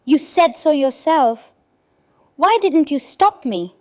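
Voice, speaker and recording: A woman reads a hurt young woman from a family drama story, voice set a little high and delivered slowly and deliberately. Her lines come as raw, anguished outbursts and bitter self-blame. The recording is dry and close. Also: expressive, no room sound. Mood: angry. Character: distraught young woman, abuse survivor daughter. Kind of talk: scripted story narration.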